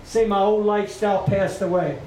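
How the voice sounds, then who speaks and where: A man's voice: high voice, fairly even intonation, a little fast, a crowd in the background. A middle-aged man preaching a sermon, repeating his points and leading the congregation in call-and-response. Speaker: pastor. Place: church sanctuary. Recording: echoey room from far off, faint ambience.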